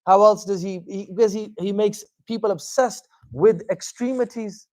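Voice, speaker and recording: A man giving an informal religious lecture as a teacher, animated and conversational, with frequent fillers and wry asides. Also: high-pitched, normal speed, no echo. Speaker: Islamic teacher giving a talk.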